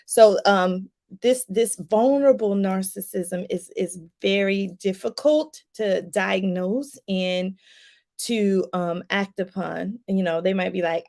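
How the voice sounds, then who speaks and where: Woman life coach just chatting to her viewers, mid-pitched voice, loose and talky, lots of ums and likes. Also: a little slow, creaky, darkish tone. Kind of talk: casual explanatory talk to viewers.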